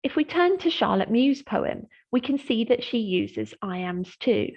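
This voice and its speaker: A woman lecturer in English literature giving a scripted lesson on poetry, explaining in a clear, measured way. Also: on the high side, lively intonation, darkish tone, muffled recording. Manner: clear, measured explanatory delivery, slowing to read verse aloud.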